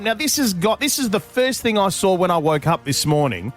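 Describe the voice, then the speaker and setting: A man hosting a radio show, excitable and laughing as he tells the news of the day. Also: sits high, a little fast, faint music behind. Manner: excitable, laughing, animated storytelling. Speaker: radio host. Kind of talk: breakfast radio chat.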